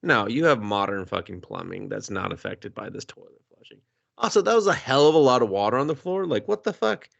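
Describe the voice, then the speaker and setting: A man co-hosting a movie review podcast, retelling scenes in a loose, profane way and jumping into quick character voices. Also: medium pitch, animated, vocal fry, a bit bright, dry recording, highs cut off. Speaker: podcast co-host. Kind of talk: casual movie review chat.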